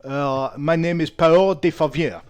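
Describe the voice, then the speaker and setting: A man's voice: fairly high pitch, fairly even intonation, unhurried, clear, resonant tone, pitched above the performer's own voice, close to an everyday voice. A man voicing a young noble knight with a put-on French accent, courtly and hesitant. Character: young male noble knight, polite but suspicious.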